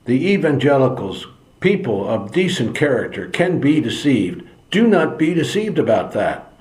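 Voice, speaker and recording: A man's voice: medium pitch, big pitch swings, moderate pace, a little mellow. A man giving an earnest opinion monologue, preachy and repeating phrases for emphasis. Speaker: political commentary channel host. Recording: echoey room.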